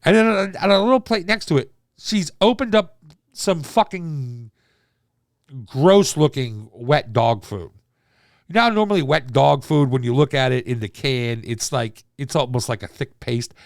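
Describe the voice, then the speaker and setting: Man with a gravelly, lively voice, cursing freely through his opinion monologue. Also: a little high, moderate pace, no echo, studio quality. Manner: profane, ranting. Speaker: commentator.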